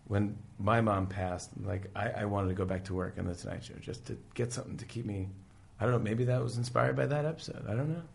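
Gravelly-voiced man telling a story animatedly. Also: lowish voice, quick pace, hardly any pauses, slight background noise. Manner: animated storyteller acting out scenes. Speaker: podcast guest. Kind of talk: casual chat.

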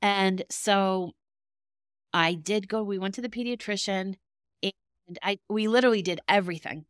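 A woman's voice: medium pitch, normal speed, fairly bright tone, clear, resonant tone, dry recording, clean studio sound. A middle-aged woman hosting a podcast, telling a personal story in a candid, emotional, rambling way. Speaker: podcast host.

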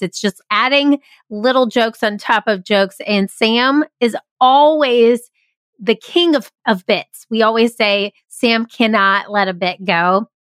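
A woman hosting a company video, introducing stories with enthusiastic, drawn-out delivery. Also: mid-range voice, fairly bright tone, clean tone, no echo, studio quality. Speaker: host and company founder.

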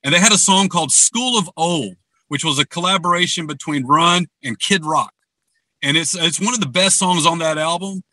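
A man's voice: on the high side, normal speed, bright, forceful tone, dry recording. A man co-hosting a casual music podcast, sharing facts in a chatty, informative way. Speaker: podcast co-host. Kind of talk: casual chat.

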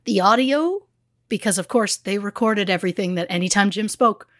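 A woman recounting a grim true crime case on a podcast, blunt and plain-spoken. Her voice sits at an ordinary middle pitch. The sound is dry and close, with no room around it. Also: moderate pace, fairly bright tone, no room sound. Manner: blunt, conversational, with fillers. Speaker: podcast co-host.

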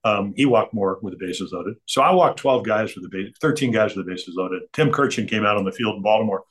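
A man's voice: fairly low pitch, brisk, a bit bright. Older man telling rambling stories. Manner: chatty, digressive, chuckles between stories. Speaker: interview guest. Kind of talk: rambling anecdotal storytelling.

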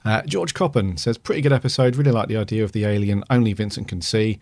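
A low-voiced man co-hosting a fan podcast reads listener reviews aloud at a quick pace. He's relaxed and easygoing, dropping plenty of ums and uhs, and the recording is close and dry.

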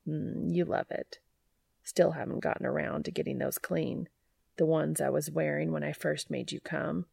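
A woman reading the part of an adult man in love, voicing him soft, low and breathy. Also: fairly even intonation, normal speed, no echo, exaggerated voice. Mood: hushed, intimate. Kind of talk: audiobook character reading.

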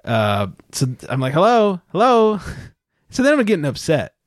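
A man telling a story on a casual podcast, profane and animated, with loud outbursts when he quotes himself. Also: mid-range voice, a little slow, dry recording, studio quality. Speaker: podcast co-host. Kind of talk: casual chat.

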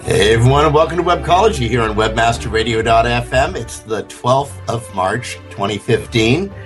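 A man's voice: medium pitch, animated, moderate pace, soft background music. A man co-hosting a web radio show in casual, chatty talk full of fillers and restarts. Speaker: podcast co-host.

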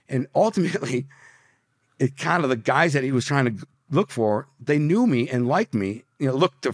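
A man's voice: mid-range voice, dry recording, clean studio sound. A man from Detroit, a podcast guest, telling a brash street story and swearing freely. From Detroit, USA. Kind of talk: storytelling interview.

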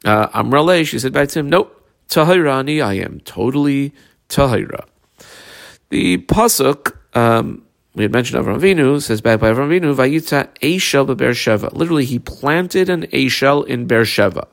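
Man, gravelly voice, mid pitch, Talmud class, reads Hebrew and Aramaic then translates, halting with fillers. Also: expressive. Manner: frequent filler pauses. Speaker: Talmud teacher. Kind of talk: explaining a Talmud passage line by line.

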